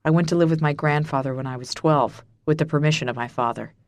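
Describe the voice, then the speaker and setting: Woman voicing a gravelly brooding mafia boss. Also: quick pace, no echo, close to an everyday voice. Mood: bitter. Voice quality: low and gravelly. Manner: quiet, clipped, bitter.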